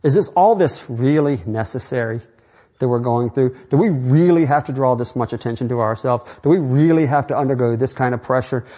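Mellow-voiced man preaching a rambling sermon. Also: mid-range voice, fairly quick. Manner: earnest, rambling, with frequent restarts and fillers. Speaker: pastor.

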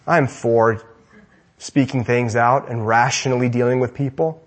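A young man preaching a sermon to men, with emphatic repeated rhetorical questions, swinging between loud and soft, and ending in prayer. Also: medium pitch, fairly even intonation, measured pace.

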